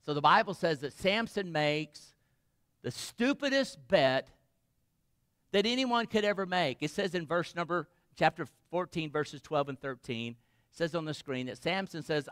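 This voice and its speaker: High, bright-voiced preaching man. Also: measured pace, long pauses, clear, resonant tone, no echo, clean studio sound. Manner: animated, dramatic storytelling with questions to the congregation. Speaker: pastor. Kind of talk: sermon.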